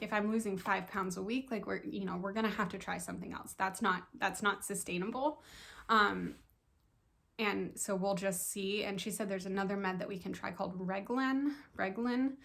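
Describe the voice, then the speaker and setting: A young woman talking casually to camera about her week, chatty and excited, with many fillers. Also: mid-range voice. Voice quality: creaky. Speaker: vlogger sharing pregnancy update.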